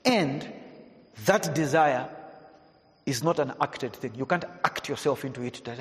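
Pastor preaching in a reverberant hall. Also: male voice, lively intonation, moderate pace. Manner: swings between hushed, low passages and raised, emphatic preaching. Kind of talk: sermon. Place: church hall.

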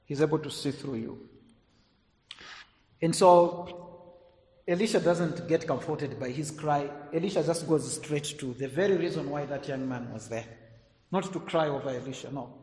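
Man, preacher; somewhat high voice, dramatic loud-soft swings, long hall reverb. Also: normal speed, pauses often. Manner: dramatic swings between loud emphasis and quiet asides. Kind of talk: sermon.

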